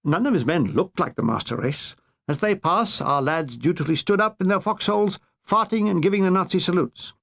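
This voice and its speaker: A man reading his own war memoir aloud, in a dry and wry storytelling manner. His voice sits fairly high for a man. He tells the grim parts and the comic parts in the same even, matter-of-fact way. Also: a little fast, vocal fry. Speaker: author narrating his memoir. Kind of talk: audiobook narration.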